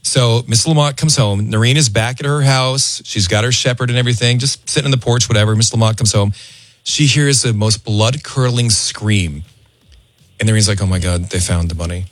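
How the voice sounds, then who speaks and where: A man's voice: medium pitch, moderate pace, no echo. Chatty male radio host, dry sound. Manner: animated, chatty storyteller with lots of fillers. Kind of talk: casual on-air storytelling.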